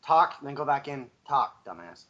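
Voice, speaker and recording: A man's voice: mid-range voice, sing-song, moderate pace, a bit bright, dull audio. A young man hosting a casual podcast over an online call, who teases the others with crude banter. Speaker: podcast host and editor. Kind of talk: casual chat. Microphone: computer mic on an online call.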